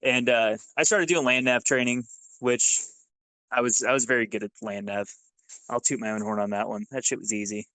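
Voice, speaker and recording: A man's voice: medium pitch, normal speed, no room sound, rough recording. Ex-soldier guest, male, casual and profane, acts out every quote, dry mic. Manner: profane, animated, acts out dialogue. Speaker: podcast guest, former Army sergeant. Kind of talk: casual storytelling.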